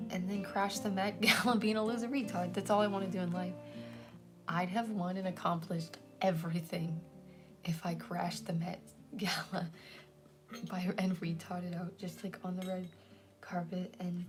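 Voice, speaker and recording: A woman's voice: fairly low pitch, level tone, normal speed, over music. A woman chatting casually on a livestream as host, rambling, often dropping to a whisper and giggling.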